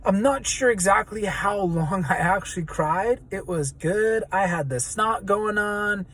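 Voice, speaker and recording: Guy vlogging, earnest n reflective, talks slow, kinda high voice, lots of "like". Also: fairly bright tone, slight background noise. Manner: earnest and searching, heavy on fillers. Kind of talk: reflective personal vlog.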